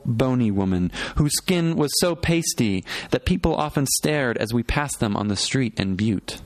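A man narrating a literary novel in the first person, measured and reflective, pausing between short phrases. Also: mid-range voice. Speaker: audiobook narrator.

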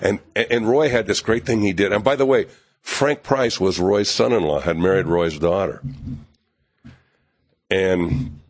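Older man with a deep, low voice; lively anecdote teller who slips into other people's voices. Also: measured pace. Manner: animated, acts out other people's lines; frequent fillers and restarts. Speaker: television writer and producer. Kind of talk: anecdotal storytelling in an interview.

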